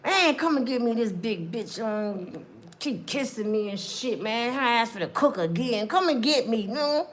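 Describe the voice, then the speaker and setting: A woman's voice: fairly high pitch, expressive, moderate pace, close to an everyday voice. A woman voicing a bored young man muttering dismissively on the phone to his friends, begging for a ride.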